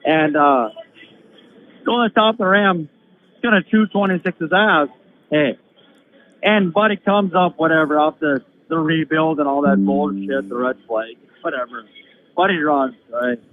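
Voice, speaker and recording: A man calls in to a live chat, his high voice squeezed through a tinny phone line with faint hiss. He tells his story in an animated rush and swears freely. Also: measured pace. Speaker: guest caller. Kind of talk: casual live-stream chat. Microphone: phone call.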